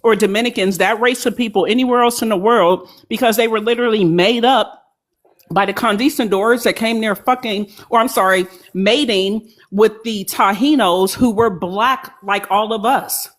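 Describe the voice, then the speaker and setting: A man's voice: high voice, moderate pace, a bit bright. An older man in a heated online debate, blunt and confrontational, talking over others. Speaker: debate participant.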